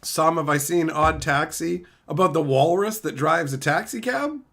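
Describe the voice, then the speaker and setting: A man's voice: on the high side, moderate pace, gravelly, fairly bright tone. A man hosting a casual livestream, reading chat aloud in a laid-back, joking way. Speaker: streamer host.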